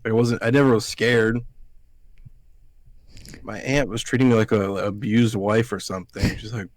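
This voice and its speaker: A fairly low-pitched man with fairly even intonation talks at a moderate pace, with no echo. As an Alabama podcast co-host, he rambles and swears through casual stories, acting out other people's dialogue.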